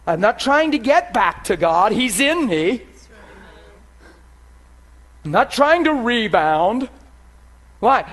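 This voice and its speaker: Male preacher, high-pitched, animated sermon delivery. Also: husky. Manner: animated, acts out inner voices, asks listeners to follow.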